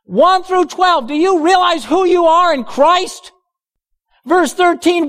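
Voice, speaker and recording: A man's voice: very high voice, slow pace, a bit bright, in a large hall. A male pastor preaching a sermon emphatically, with sarcastic asides.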